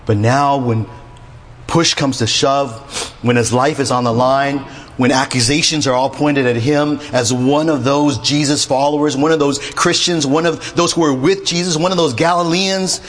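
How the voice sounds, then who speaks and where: A man preaching a sermon in an animated way, acting out the quotes he tells. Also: moderate pace. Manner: animated, acts out quotes with rising pitch. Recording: long hall reverb.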